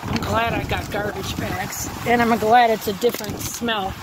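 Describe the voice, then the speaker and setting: A woman's voice: medium pitch, steady tone, normal speed, very noisy. A woman vlogging casually, blunt and fired up, swearing as she rants about being treated badly. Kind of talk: casual ranting vlog.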